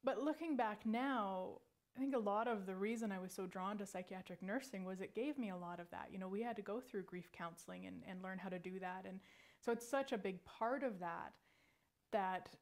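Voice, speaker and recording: A woman in her forties, a psychic medium, telling a personal story in a chatty, animated way with many restarts. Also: medium pitch, moderate pace.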